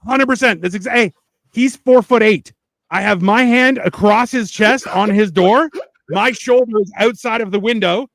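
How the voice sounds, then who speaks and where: A man tells animated stories in loose podcast banter and plays the other people's lines himself. His voice sits high and carries a gravelly fry. The sound is dry, with no room around it. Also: moderate pace, no room sound. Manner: animated storytelling, acts out dialogue. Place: small studio.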